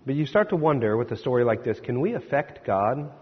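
A man's voice: mid-range voice, big pitch swings, fairly quick, breathy edge. A male pastor preaching a sermon, retelling scripture casually and asking the congregation rhetorical questions. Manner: conversational storytelling with rhetorical questions. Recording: echoey hall, slightly dull.

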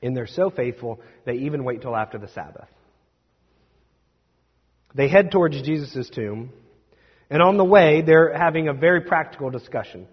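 A man's voice: on the high side, animated, normal speed, pauses often, slightly rough. A male pastor delivering a sermon in a conversational, emphatic way, with asides to the congregation, in a church. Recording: dull recording with long hall reverb.

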